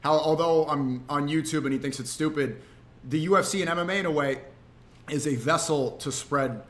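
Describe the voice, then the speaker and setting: Male streamer, fairly high voice, casual and animated storytelling, rambling. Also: moderate pace. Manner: animated, rambling, frequent restarts.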